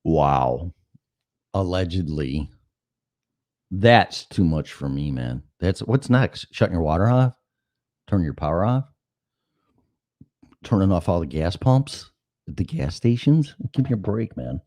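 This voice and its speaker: Middle-aged male host, deep voice swinging wide, dry close sound, profane storyteller. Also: a little slow, long pauses, no echo. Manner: animated, profane, acts out dialogue. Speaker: talk show host. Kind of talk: casual chat, anecdotal storytelling.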